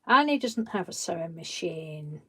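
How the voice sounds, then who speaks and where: A woman's voice: fairly low pitch, big pitch swings, moderate pace, a bit bright, breathy edge, no echo. A woman, hosting a craft live stream in a chatty, rambling way, laughing often. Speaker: craft channel host. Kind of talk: casual live-stream chat.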